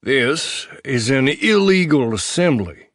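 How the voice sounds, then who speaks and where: A man's voice: medium pitch, sing-song, slow, a bit bright, no room sound, clean studio sound, full character voice. A man doing a drawling, menacing cop. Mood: commanding. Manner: drawling, movie-style commanding tone. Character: swaggering menacing male police officer.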